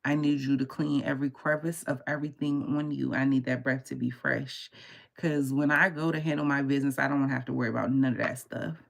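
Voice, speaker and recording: A woman's voice: a bass voice, fast talker, creaky. A woman livestreaming from home at night, telling a story casually with lots of swearing and laughter, keeping her voice down so she does not wake anyone. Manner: animated, profane, laughing as she tells it; holding her voice down so as not to shout. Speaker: tarot reader and livestream host. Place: home at night with others asleep.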